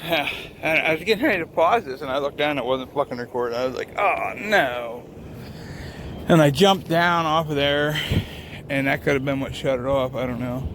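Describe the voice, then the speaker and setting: A man who drives trucks rambles casually through a walking vlog shot on a handheld phone outdoors at a lakeside rest area, swearing a lot and letting his thoughts wander. His voice is a little high, brisk and fairly bright, with a little hiss or hum on the recording.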